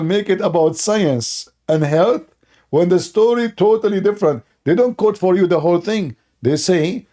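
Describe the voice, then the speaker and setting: A male online critic of religion gives a scornful, sarcastic monologue in halting non-native English, chuckling at the points he makes. His voice is high-pitched with a dark tone.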